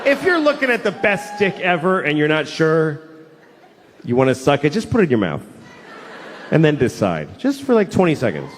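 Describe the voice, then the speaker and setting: A man's voice: a little high, huge pitch swings, moderate pace, in a large hall. A man doing crude, exasperated stand-up comedy on stage, speaking into a handheld mic. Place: comedy stage before a live audience. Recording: live show with loud audience noise.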